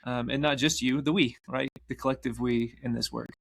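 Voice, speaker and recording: Flat-voiced man asking a searching question. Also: mid-range voice, a little fast, vocal fry. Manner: searching, hesitant, many fillers. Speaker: podcast host. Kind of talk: interview question.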